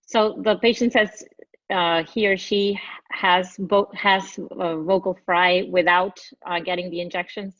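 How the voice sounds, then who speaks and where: A woman's voice: on the low side, fairly even intonation, a little slow, a bit bright, no echo. A woman speech therapist from Argentina explaining voice therapy on a panel, demonstrating sounds as she goes. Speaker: speech-language pathologist. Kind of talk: panel answer. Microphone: video call. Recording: dull lo-fi video call audio.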